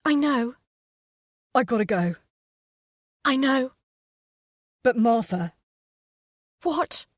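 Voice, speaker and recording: A woman's voice: animated, drawn-out words, dry recording, clean studio sound, full character voice. A woman doing a heartbroken young woman. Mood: tearful. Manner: high and tearful, emotional.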